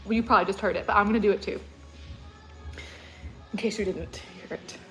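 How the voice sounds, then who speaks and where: A woman's voice: mid-range voice, steady tone, brisk, fairly bright tone, faint music behind, low-quality recording. A woman vlogger chatting casually on a livestream, rambling and laughing often. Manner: mimics an announcer's voice.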